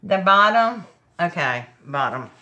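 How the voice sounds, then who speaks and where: A woman's voice: fairly low pitch, big pitch swings, unhurried, bright, forceful tone, a little hiss or hum. A woman hosting a live craft tutorial, chatting straight to her viewers as she works. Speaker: craft show host. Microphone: laptop mic.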